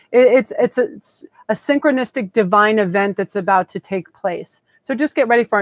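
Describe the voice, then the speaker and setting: A woman reads tarot on a live stream and gushes with excitement, her words tumbling out breathlessly. Her voice sits at an everyday middle pitch. The sound is close and dry, with no room around it. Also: a little fast, dry recording. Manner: effusive, breathless, gushing. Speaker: tarot reader.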